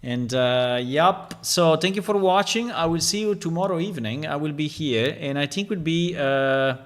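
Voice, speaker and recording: A man's voice: fairly high pitch, moderate pace. Man thinking aloud as he tests game lines. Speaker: game developer. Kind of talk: casual live-stream commentary.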